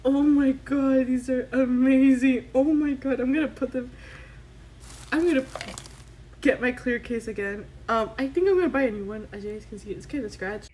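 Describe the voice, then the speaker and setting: A woman vlogger chatting through an unboxing, excitable and gushing, squealing with delight. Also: a little high, a little fast, slight background noise, rough recording. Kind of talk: casual unboxing vlog.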